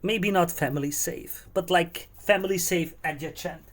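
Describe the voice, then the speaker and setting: In his home kitchen, a high-voiced man talking at normal speed runs a cooking livestream, chatting casually, replying to his chat, and thinking aloud while he works.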